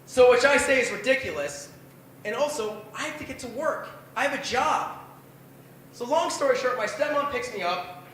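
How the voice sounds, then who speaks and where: A man in his twenties spins a profane, self-deprecating story at a bar open mic night. His voice sits very high and sounds bright and forceful. The room is strongly echoey, with a faint hum of noise behind him. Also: expressive, moderate pace. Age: 20s. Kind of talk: stand-up storytelling.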